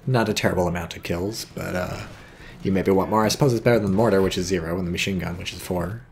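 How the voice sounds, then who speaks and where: A man's voice: low-pitched, fast, creaky, slight background noise. A man casually commentating a strategy game match, with a dry, rambling manner and hiccups, reading viewer chat aloud. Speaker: game caster.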